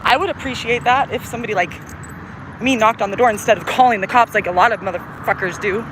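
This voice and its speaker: A woman's voice: fairly high pitch, fast talker. A middle-aged woman rambling and cursing as she walks down a busy street, a little out of breath, speaking into a phone held in her hand. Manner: rambling, digressive, swears freely, trails off with "anyways". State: short of breath in the humid heat. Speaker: vlogger. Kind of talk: casual rambling monologue while walking. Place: outdoors on a busy city street. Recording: street noise and passing cars.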